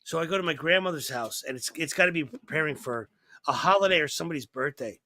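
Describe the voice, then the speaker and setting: A fast-talking man with a fairly high voice co-hosts a podcast, where his casual comedic banter features lively storytelling and acted-out voices.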